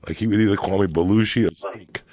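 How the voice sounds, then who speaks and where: A middle-aged man telling animated, profane stories in casual chat on a podcast. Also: fairly low pitch, quick pace, no room sound. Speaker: podcast guest storyteller.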